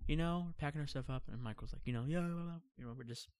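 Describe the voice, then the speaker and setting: A young man tells a travel story in a loose, rambling way, stacking fillers and slipping into quoted voices. His voice sits at an ordinary pitch. The sound is dry and close. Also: rapid-fire, no echo. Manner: rambling, filler-heavy, animated retelling. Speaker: guest storyteller. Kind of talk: casual storytelling.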